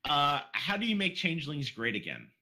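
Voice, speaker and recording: A man's voice: a little high, huge pitch swings, fairly quick, pushed and bright. A man hosting a casual podcast, reading out listener questions and swearing freely. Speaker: podcast host.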